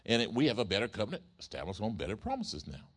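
Lower-voiced man preaching a story sermon. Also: fast talker, breathy edge. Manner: animated storytelling, questions to the congregation. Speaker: pastor.

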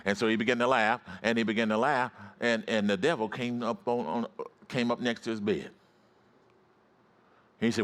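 A male preacher delivering a sermon to his congregation. He repeats key phrases and calls on the listeners to say words back to him. His voice drops low for stories and climbs high for exclamations. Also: fairly even intonation, moderate pace, long pauses, a bit bright. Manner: repetitive, call-and-response preaching; swings from low storytelling to high rising exclamations.

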